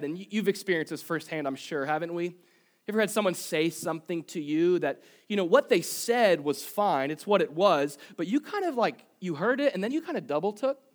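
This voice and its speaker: A man preaching a sermon as pastor, conversational, with humorous asides and rhetorical questions. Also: high-pitched. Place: church service.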